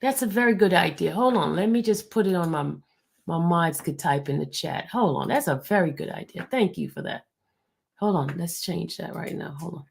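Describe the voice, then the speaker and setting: A woman hosting a livestream, speaking low and hushed, near a whisper, and answering her viewers in a blunt, defensive way. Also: expressive, normal speed, creaky. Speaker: livestream host. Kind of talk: livestream talk answering the chat.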